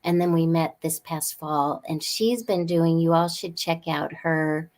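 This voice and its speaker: A woman guest on a podcast, chatting in a bubbly, rambling, excitable way. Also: low voice, unhurried. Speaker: guest actress. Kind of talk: casual podcast chat.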